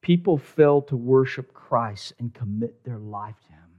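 Male pastor, slow deliberate sermon delivery, drops to hushed whispers for effect, muffled lo-fi audio. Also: medium pitch, lively intonation. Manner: dramatic, swings from loud emphasis to hushed near-whisper.

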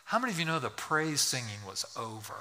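A man's voice: mid-range voice, big pitch swings, fairly quick, background noise. A man, a pastor, preaching a sermon to his congregation, telling a story and building to fervent pleas. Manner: storytelling, rising to fervent pleading. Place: church sanctuary.

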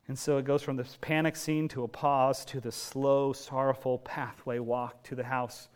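A man preaching a sermon as pastor, telling the story in a lively, conversational way with casual asides. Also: mid-range voice, moderate pace, few pauses, clear, resonant tone.

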